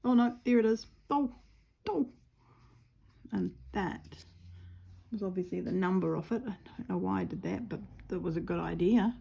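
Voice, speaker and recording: A woman's voice: medium pitch, normal speed, vocal fry, pauses often, dark tone, breathy edge. A woman with a New Zealand accent chatting casually and rambling while she stitches, with self-mocking humour. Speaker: craft vlogger.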